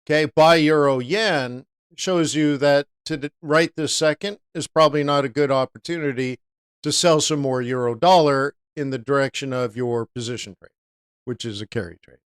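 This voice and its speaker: A man's voice: medium pitch, normal speed, smooth, no room sound, clean studio sound. A man teaching forex trading on a live stream, talking casually and answering viewers by name.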